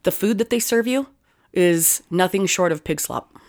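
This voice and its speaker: Profane, animated woman telling stories. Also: on the low side, moderate pace. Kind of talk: casual chat.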